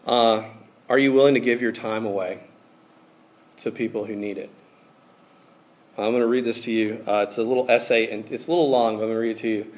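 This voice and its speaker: A man's voice: lowish voice, fairly even intonation, fairly quick, pauses often. A young adult man giving a casual, conversational sermon to students, with many fillers.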